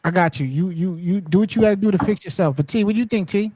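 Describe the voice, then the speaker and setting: High-voiced, slangy man hosting a chat. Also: fast, slight background noise. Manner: animated, interrupts a lot, slangy and repetitive. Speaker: podcast host. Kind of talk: casual panel chat. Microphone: headphones on a remote call.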